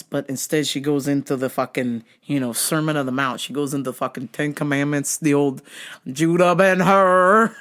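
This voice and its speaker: A woman hosting a show, retelling work stories in an animated, profane, comic way. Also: deep voice. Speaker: show host. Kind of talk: comic storytelling.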